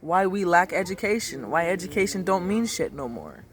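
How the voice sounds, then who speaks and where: Guy ranting hard, swears constantly, keeps repeating himself, pretty high voice. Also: sing-song, normal speed, fairly bright tone. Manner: emphatic, swears a lot, repeats phrases. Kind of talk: casual profane rant.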